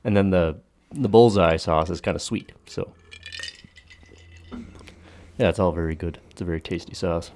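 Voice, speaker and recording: A man's voice: deep voice, normal speed, pauses often, darkish tone, a little hiss or hum. A man co-hosting a podcast, chatting casually over drinks, cracking crude jokes, swearing freely and laughing often. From Alberta, Canada. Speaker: podcast co-host.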